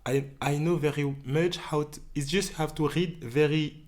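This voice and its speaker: This dance organizer from the Central African Republic has a fairly high-pitched voice with fairly even intonation and speaks at a normal speed. As a podcast guest in a casual interview, he chuckles a lot and rambles with loose phrasing.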